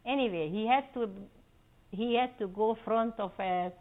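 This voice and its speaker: A woman's voice: on the high side, normal speed, phone-quality sound. An older woman from Czechoslovakia telling her family's story in an oral history interview, acting out what people said. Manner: animated storytelling, acting out quoted voices.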